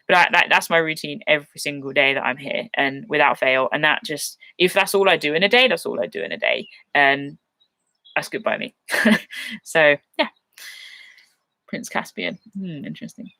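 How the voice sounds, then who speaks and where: A woman's voice: sits low, sharp tone. Chatty young Englishwoman on a live stream. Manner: chatty, self-deprecating, laughs often. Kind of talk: casual live chat reading viewer questions.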